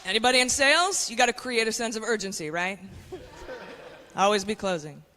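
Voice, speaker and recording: Brash forty-something woman comic, bright voice. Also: fairly high pitch, a little fast, big-room sound. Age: 40s. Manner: brash, conspiratorial, addresses the crowd. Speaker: stand-up comedian. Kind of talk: stand-up comedy set.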